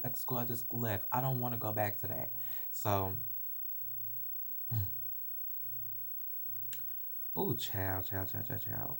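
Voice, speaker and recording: A man's voice: medium pitch, slow, creaky, pauses often. A young adult man earnestly telling a personal story in a confessional vlog, recorded on a phone. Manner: earnest, animated, emotional retelling. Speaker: vlogger.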